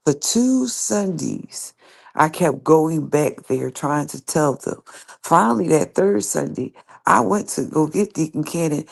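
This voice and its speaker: Gravelly low-voiced woman, confrontational. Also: lively intonation, unhurried. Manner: confrontational, speaking straight to an absent opponent; rambling, repeats herself. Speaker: livestream host. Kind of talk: direct-address livestream rant.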